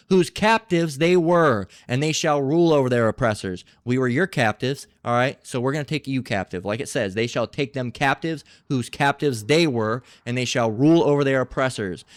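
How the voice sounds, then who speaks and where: A man preaches from scripture in a mid-range voice, reading verses aloud and then breaking into halting, combative, mocking commentary laced with profanity. He restarts often between readings. The studio recording is clean, with no echo.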